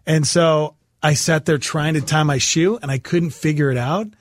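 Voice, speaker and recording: A man's voice: fairly high pitch, steady tone, moderate pace, dry recording. Man, morning radio host, casual chat, dry close mic. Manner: chatty, tells childhood stories. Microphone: studio microphone.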